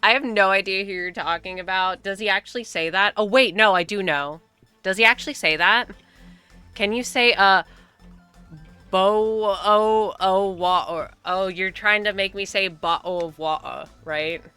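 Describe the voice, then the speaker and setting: A young American woman streams a game and chats casually, swearing often and laughing between remarks. Her mid-range voice is pushed and bright with a clean tone at normal speed, and faint music plays behind her.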